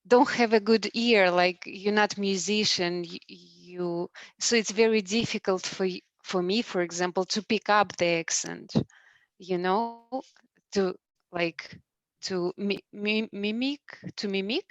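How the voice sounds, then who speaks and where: Hesitant woman asking slowly on a call. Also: mid-range voice, fairly even intonation, dry recording, poor audio. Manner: hesitant, halting, with many fillers and restarts. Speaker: class participant. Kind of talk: asking questions on a video call. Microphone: video call.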